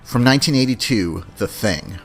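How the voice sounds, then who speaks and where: A man's voice: fairly low pitch, lively intonation, normal speed, husky, soft background music. Rambling, chatty male podcast host. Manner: rambling and chatty, fond of "man" and "you know". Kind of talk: casual movie-talk podcast monologue.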